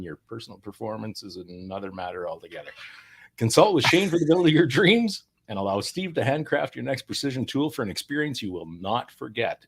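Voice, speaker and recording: A man's voice: mid-range voice, creaky, husky. A man co-hosting a casual podcast, wry and laughing often, muttering asides and reading sponsor spots. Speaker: podcast co-host.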